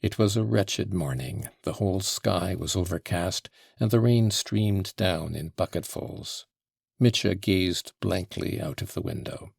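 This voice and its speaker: A man narrating a classic novel as an audiobook in a steady, even storytelling manner. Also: low voice, measured pace, vocal fry, breathy edge, dry recording, studio quality.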